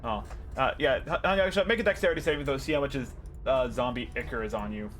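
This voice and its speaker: A man's voice: medium pitch, fast, fairly bright tone, faint music behind. A man running a tabletop game as game master, narrating casually and joking at his own expense with mild swearing.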